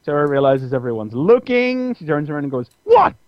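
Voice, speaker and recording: A man's voice: a little fast, no room sound. A man co-hosting a podcast, casually retelling a comic with many restarts and fillers. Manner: animated retelling, puts on squeaky voices for characters. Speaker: podcast co-host reviewing comics. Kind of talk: casual chat. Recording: dry, dull lo-fi audio.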